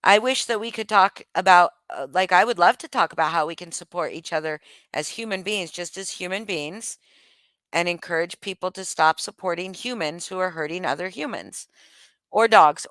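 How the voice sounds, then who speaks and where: A woman's voice: mid-range voice, a bit bright, clear, resonant tone, no echo. A woman vlogging in a casual, rambling monologue, speaking candidly with frequent swearing and many restarts.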